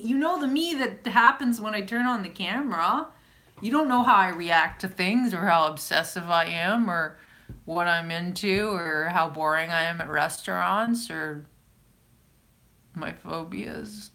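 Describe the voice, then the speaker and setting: Rambling Canadian woman with a bright voice. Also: medium pitch, measured pace. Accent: Canadian, Calgary Alberta. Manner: rambling, self-interrupting, chatty. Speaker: YouTuber answering viewer comments. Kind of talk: casual live chat.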